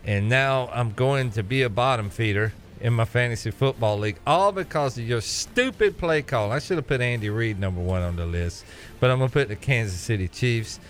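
A man's voice: mid-range voice, fairly quick, faint music behind. A man co-hosting a sports talk show, ranting sarcastically and giving his opinions. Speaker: sports radio co-host.

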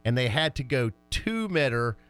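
A man's voice: mid-range voice, normal speed, soft background music. Fired-up male sports radio host. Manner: energetic, animated sports-talk delivery.

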